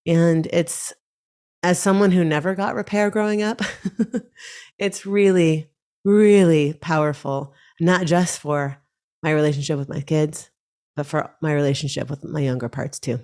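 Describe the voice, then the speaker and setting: A woman in her thirties speaking calmly and reflectively as a guest on a podcast interview. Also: low-pitched, unhurried. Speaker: guest, breathwork teacher.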